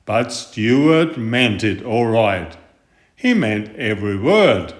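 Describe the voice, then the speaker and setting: A man reads a children's picture book aloud, his pitch lively and animated. He takes his time over each phrase, and the recording has a roomy echo. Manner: slow, expressive, animated. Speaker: storyteller. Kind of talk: children's story read-aloud.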